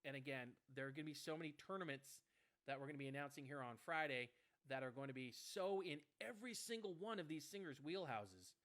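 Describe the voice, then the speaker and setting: Bright, effusive man co-hosting. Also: fairly high pitch, expressive, fast talker. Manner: effusive, rambling, with many restarts. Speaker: co-host of an online karaoke show. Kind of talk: casual livestream chat.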